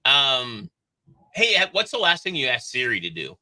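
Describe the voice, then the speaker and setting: A man co-hosting a radio show, chatting casually and teasing his co-host with deadpan jokes. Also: medium pitch, moderate pace, poor audio. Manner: joking, teasing deadpan asides. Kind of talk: casual morning radio banter. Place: radio studio.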